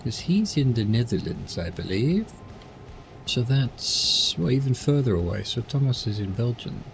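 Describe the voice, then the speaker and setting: A man's voice: mid-range voice, very animated, a little slow, vocal fry, soft background music. A man giving casual, rambling commentary while streaming a driving game. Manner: rambling, chatty asides.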